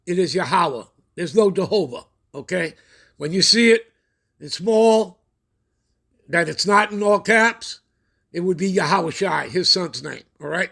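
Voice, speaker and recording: High-voiced man preaching over the news. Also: vocal fry, fairly bright tone. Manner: checks in with listeners constantly ("all right?", "okay?"); pauses while looking things up. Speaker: host of a prophecy channel. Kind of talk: reading news and scripture with commentary.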